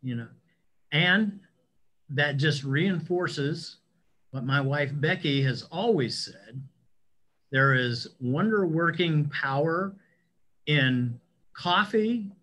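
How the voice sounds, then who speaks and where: A man leads a church study group, speaking slowly and deliberately. His voice is bright and clear, and he responds to others in an affirming way. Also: a little high, lively intonation, low-quality recording. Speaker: discussion leader.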